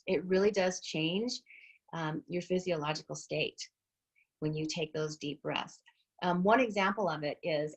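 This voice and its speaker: A woman in her thirties, a fitness instructor, giving a chatty, encouraging group talk and coaching listeners through deep breathing. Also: breathy edge.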